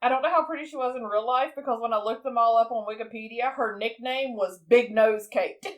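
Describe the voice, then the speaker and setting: Lively high-voiced woman recapping a film. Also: brisk. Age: 30s. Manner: animated, acts out movie lines while retelling. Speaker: podcast co-host. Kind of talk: casual film recap chat.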